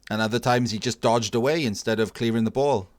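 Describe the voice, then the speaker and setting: A man casually commentating a video game tournament match, analysing plays in a relaxed, thinking-aloud way. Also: medium pitch, a little fast, dry recording. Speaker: tournament caster.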